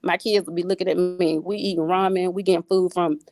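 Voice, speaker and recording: A woman's voice: fairly low pitch, fairly even intonation, brisk. A woman guest on a faith talk show, a single mother, speaking with a preachy, repeating style full of restarts.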